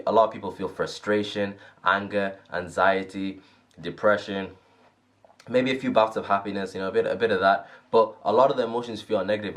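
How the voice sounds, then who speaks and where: Man, low-pitched, earnest, casual self-help talk, repeats "right?". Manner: earnest, repetitive, often asks "right?".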